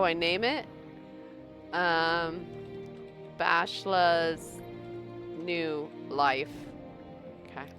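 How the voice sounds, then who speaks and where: A woman's voice: sits low, fairly bright tone. Woman game streamer, casual chatty commentary, faint music under. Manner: chatty, laughs often.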